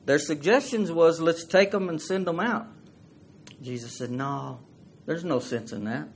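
A man's voice: fairly high pitch, measured pace, a little hiss or hum. A man preaching a sermon, reading scripture and asking the congregation questions in a folksy way.

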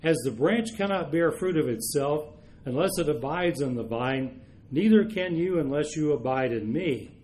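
A man delivers a sermon, walking through scripture verse by verse. His voice sits a little high for a man, and he slows right down to stress the lines he wants to land. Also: animated, darkish tone. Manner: measured, slows for emphasis on key verses. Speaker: preacher. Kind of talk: sermon reading and explaining scripture.

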